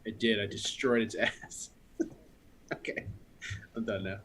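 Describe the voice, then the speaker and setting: A man's voice: fairly low pitch, level tone, a bit bright, a little hiss or hum. A man playing a tabletop game with friends, talking casually, swearing and laughing at his rolls. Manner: casual and profane, quick to laugh. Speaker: player.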